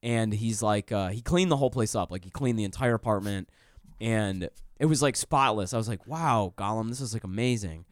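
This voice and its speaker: A man, a comedian guest on a podcast, telling a story in an animated, profane, rambling way full of "like". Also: fairly low pitch, a little fast, dry recording, clean studio sound. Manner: animated and profane, frequent "like" fillers. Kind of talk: casual storytelling.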